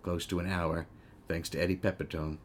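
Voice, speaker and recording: A man's voice: sits low, little pitch movement, a little fast, a little hiss or hum. A man hosting a casual podcast interview, rambling and courtly, with many hesitations and laughs. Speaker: podcast host. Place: living room couch.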